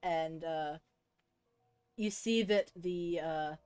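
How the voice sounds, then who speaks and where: A woman narrating a tabletop game as game master, in calm, measured storytelling. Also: low voice, clean tone, no echo, soft background music.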